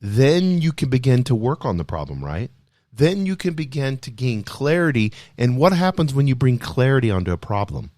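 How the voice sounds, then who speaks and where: A man hosting a podcast, speaking in an energetic, emphatic motivational style full of rhetorical questions. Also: medium pitch, moderate pace, no echo, clean studio sound. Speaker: podcast host. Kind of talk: motivational solo talk.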